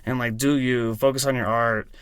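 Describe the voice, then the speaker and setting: A man's voice: medium pitch, steady tone, normal speed, fairly bright tone, clean tone, dry recording, studio quality. A man who works as a DJ, talking as a podcast guest in a rambling, profane way with lots of fillers. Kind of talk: casual chat.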